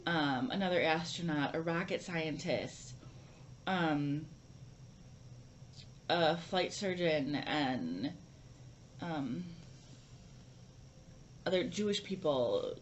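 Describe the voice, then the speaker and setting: A woman's voice: sits low, animated, drawn-out words, pauses often, a little hiss or hum. A young woman vlogging a casual book review, rambling with lots of fillers and restarts.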